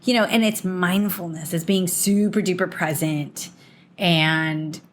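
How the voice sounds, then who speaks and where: Low-voiced woman co-hosting a chat. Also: a little slow. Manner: earnest, affirming, piles up short phrases. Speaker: podcast co-host. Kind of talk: casual chat.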